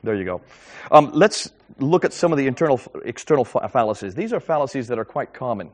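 A middle-aged man lectures fast to a live group, his voice swooping up and down as he tells stories. He talks in an animated way, with quick restarts and repetitions. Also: mid-range voice. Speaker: Christian speaker taking audience questions. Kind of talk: lecture with audience Q&A.

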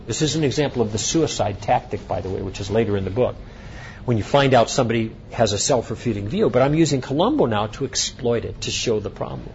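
A man giving a conference lecture, telling an anecdote in an animated storytelling way. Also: mid-range voice, fast, vocal fry, muffled recording, slight background noise. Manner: animated storytelling, acting out both sides of a dialogue. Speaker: speaker at a conference.

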